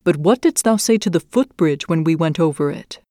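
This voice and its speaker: Woman reader doing a quiet, formal young prince, slightly lowered voice, dry recording. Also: animated, normal speed, no echo. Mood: questioning. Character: stern young prince testing his bride.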